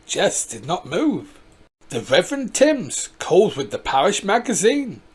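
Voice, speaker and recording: A reader narrating a children's story aloud in an expressive way. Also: medium pitch, unhurried, slightly rough.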